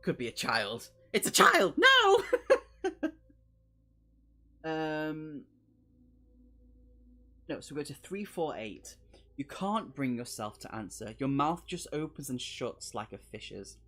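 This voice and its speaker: A man's voice: mid-range voice, expressive, normal speed, fairly bright tone. A man streaming a live playthrough, reading a horror gamebook aloud and chatting jokily with his viewers between passages. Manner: chatty, jokey, talks to chat between passages. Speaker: streamer host.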